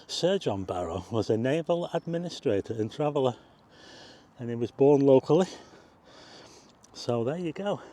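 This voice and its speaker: Chatting to his audience as he drives and then hikes up a hill, an older walking vlogger exclaims and gets winded along the way. He has a warm, mid-range voice with lively intonation, a normal speed, and frequent pauses.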